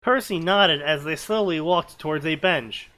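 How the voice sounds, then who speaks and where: A man's voice: on the high side, normal speed, sharp tone. Sarcastic young man reading fanfiction aloud. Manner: sarcastic, mocking, breaks into laughter. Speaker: fanfiction reader and commentator. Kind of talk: comedic dramatic reading with commentary.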